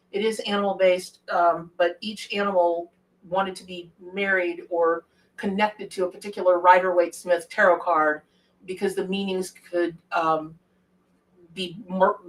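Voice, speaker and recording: A woman's voice: medium pitch, recorded from a distance, poor audio. A middle-aged woman, reading tarot on a live stream in a chatty, folksy way and greeting viewers by name.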